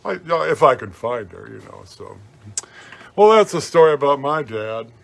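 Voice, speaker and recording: A man's voice: medium pitch, big pitch swings, normal speed, creaky, a bit bright, slight background noise. A man playing a happy hobo clown as guest host of a family comedy show, rambling folksy stories and corny jokes. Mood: jolly. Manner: rambling, folksy, jokey, chuckling.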